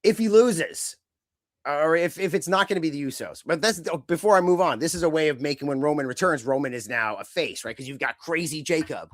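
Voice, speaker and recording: A man's voice: fairly high pitch, a little fast, no room sound, studio quality. A man co-hosting a casual podcast, talking in long rambling runs and acting out what others say. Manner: rambling, animated, acts out quotes. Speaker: podcast co-host. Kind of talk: casual chat.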